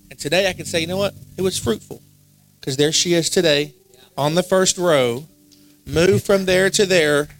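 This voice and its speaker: Pastor speaking over soft music. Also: male voice, high-pitched, normal speed. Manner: conversational preaching, uneven pace. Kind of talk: sermon-style sharing at a midweek service. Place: church.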